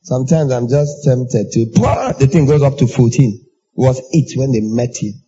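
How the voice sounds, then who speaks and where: A man preaching a sermon in an animated way, acting out everyday exchanges in raised voices. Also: normal speed, highs cut off. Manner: animated, acts out dialogue in high voices.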